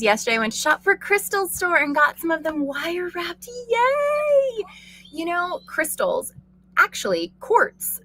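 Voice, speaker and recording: A woman's voice: medium pitch, slight background noise, rough recording. A woman hosting a casual livestream, reading viewer comments aloud and answering them in a reflective, spiritual way, with plenty of fillers. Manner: warm-hearted, spiritual, reflective, many fillers. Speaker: livestream host.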